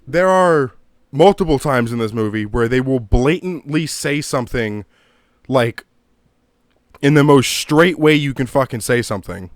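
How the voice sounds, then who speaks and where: Guy ranting about a movie at home, swears nonstop, smooth clear voice, no room echo. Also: medium pitch, measured pace, clean studio sound. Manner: profane, rambling, gets worked up. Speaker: video creator reviewing a movie. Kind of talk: casual ranting commentary. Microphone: own desk mic.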